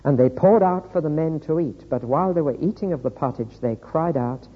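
A man preaching a sermon, reading scripture aloud in a measured, deliberate way. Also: fairly high pitch, husky. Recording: echoey hall, dull lo-fi sound.

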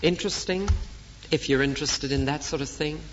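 A man's voice: on the high side, a little fast, fairly bright tone, a little hiss or hum. A man preaching a Bible study sermon, earnest and pleading, explaining scripture like a teacher. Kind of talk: expository sermon. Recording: dull lo-fi tape recording.

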